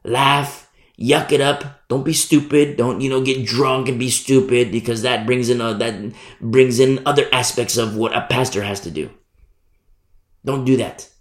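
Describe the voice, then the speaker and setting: A male pastor preaching a sermon, acting out grumbling church members in a conversational, animated way. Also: medium pitch, measured pace, roomy sound. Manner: animated, acts out congregation's grumbling.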